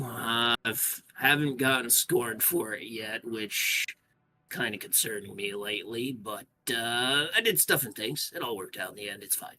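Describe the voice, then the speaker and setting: A man's voice: mid-range voice, pushed and bright, a little hiss or hum. A man voicing a hunched, shifty male creature who rambles and dodges the question.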